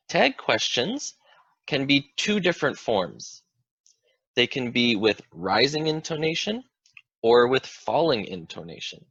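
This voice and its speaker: A man's voice: mid-range voice, a bit bright, no room sound, muffled recording. A man teaching an English grammar lesson, explaining patiently and asking the viewer questions.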